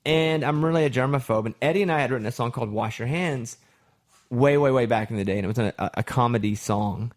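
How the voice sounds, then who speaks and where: Man, casual talker, chatty storyteller, mid pitch, presents his own tracks. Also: fast talker. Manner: chatty storytelling, mimics singers. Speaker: songwriter presenting his kids' album. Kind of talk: casual chat.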